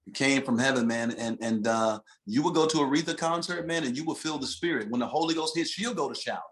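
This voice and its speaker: A man's voice: medium pitch, quick pace. A man from Detroit, a gospel singer and pastor, telling stories in a casual podcast chat and saying "man" a lot. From Detroit, USA. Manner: animated storyteller, peppers speech with "man". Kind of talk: casual conversation.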